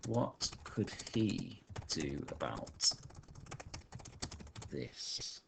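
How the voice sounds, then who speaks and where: Deep-voiced man thinking aloud as teacher. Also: background noise. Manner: thinks aloud, dictating sentences slowly. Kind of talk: online writing lesson while typing.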